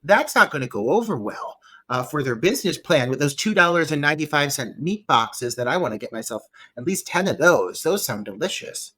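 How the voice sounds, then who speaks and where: Male co-host, animated and forceful, quick wisecracks. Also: on the high side. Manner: blunt, joking, swears, laughs often. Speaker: podcast co-host. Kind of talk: casual movie review chat.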